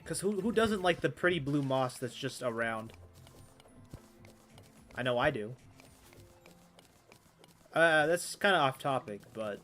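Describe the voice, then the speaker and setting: A man's mid-range, slightly bright, expressive voice moves at a measured pace with frequent pauses over soft background music as he streams a game. His casual commentary rambles and stammers, full of self-directed jokes and swearing.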